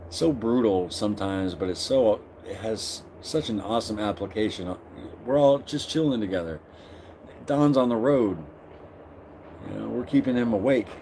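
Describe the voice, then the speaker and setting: A man's voice: on the low side, warm tone, slight background noise. A middle-aged man hosting a casual live stream, greeting viewers by name and reading their comments aloud.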